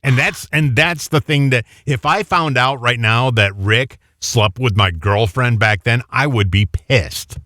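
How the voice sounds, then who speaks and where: A man's voice: mid-range voice, unhurried, hardly any pauses, bright, forceful tone, no room sound, studio quality. A man co-hosting a casual talk show, making his points in an emphatic, insistent way. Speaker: co-host. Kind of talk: casual chat.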